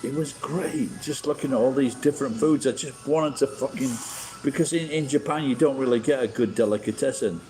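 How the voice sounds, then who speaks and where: A middle-aged man rambles through a casual livestream, his mid-pitched voice warm and relaxed. He swears constantly and airs blunt opinions, with faint music playing behind him. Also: a little fast, poor audio. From England. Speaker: livestream host.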